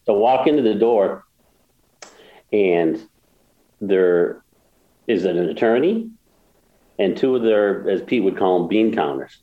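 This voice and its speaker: A man's voice: lowish voice, slow, pauses often, roomy sound, narrow, tinny audio. A man guest telling a story in a casual interview, rambling with many restarts and getting emotional. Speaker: guest, golf course builder.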